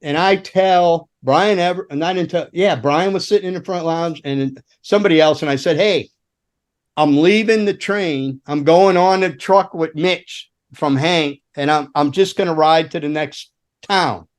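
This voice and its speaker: Older dude rambling roadie stories, kinda high voice, lots of swearing and laughing. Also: male voice, measured pace. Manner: rambling, profane, laughing anecdotes with voiced quotes. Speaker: guest, former rock roadie. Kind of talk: casual storytelling chat.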